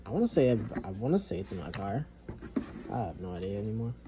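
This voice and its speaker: A man's voice: on the low side, very animated, fast talker, noisy background. A young man venting in a rambling, frustrated way, swearing heavily as he talks to the camera. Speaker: vlogger. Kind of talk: casual venting monologue.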